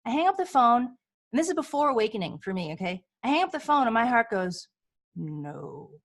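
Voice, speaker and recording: Animated woman telling spirited stories. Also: on the high side, fast. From United States. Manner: animated, acts out quoted voices. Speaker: guest healer. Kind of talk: casual storytelling chat.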